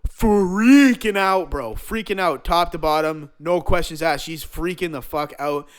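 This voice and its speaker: A man with a slightly higher voice spinning a rambling, profanity-laced story about a road trip. He talks casually and loads his speech with slang and filler, the way he would with friends on a podcast. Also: unhurried.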